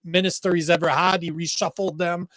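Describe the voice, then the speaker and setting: French-accented guy ranting about politics, kinda high voice, swears, keeps restarting. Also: little pitch movement, fairly quick, fairly bright tone, dry recording, clean studio sound. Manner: heated, swears, many restarts. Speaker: podcast host. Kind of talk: casual political chat.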